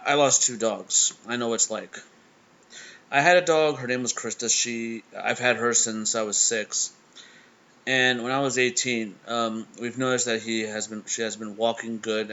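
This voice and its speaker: A man's voice: mid-range voice, sharp tone. Young guy talking it out, keeps restarting his words, muffled cheap mic sound. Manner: halting, stammering restarts. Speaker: reaction video host. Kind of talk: casual emotional storytelling.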